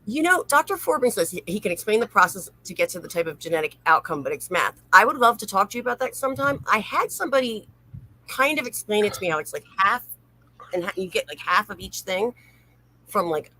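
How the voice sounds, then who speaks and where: A woman's voice: medium pitch, big pitch swings, quick pace, sharp tone, rough recording. A woman hosting a casual late-night livestream, reading viewer comments aloud and chatting, laughing easily. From North Carolina, USA. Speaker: livestream host.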